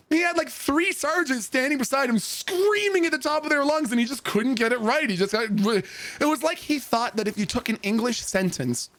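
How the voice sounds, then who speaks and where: A male game streamer telling an army story and chatting with viewers in an animated, joking, profane way. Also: extremely high pitch, normal speed, slight background noise. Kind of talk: casual storytelling and chat with viewers.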